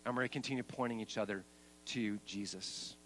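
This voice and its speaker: A man preaching a sermon as pastor, making points with lively emphasis. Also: a little fast, slight background noise, low-quality recording. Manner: lively and emphatic, then soft and low at the close.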